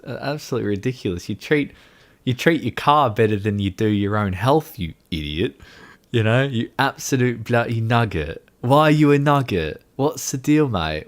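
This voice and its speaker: A young man hosting a casual livestream chat, rambling and mocking himself with frequent laughter. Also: mid-range voice. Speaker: livestream host.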